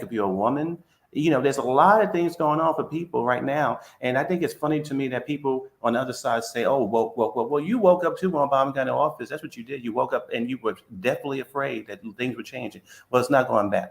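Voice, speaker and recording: A man's voice: mid-range voice, creaky. A man giving an impassioned, rousing speech in a live chat room, repeating phrases like a preacher. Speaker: guest speaker. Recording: roomy echo.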